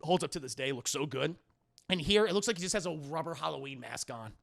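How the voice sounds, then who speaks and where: A man giving casual livestream film commentary, animated and profane, laughing often. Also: fairly high pitch, quick pace, vocal fry. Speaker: live-streaming film reviewer.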